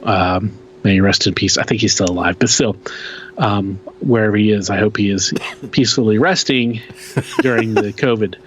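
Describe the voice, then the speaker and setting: A man's voice: fairly low pitch, normal speed, highs cut off. A man co-hosting a casual podcast, rambling and self-deprecating with lots of fillers. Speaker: podcast co-host. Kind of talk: casual chat.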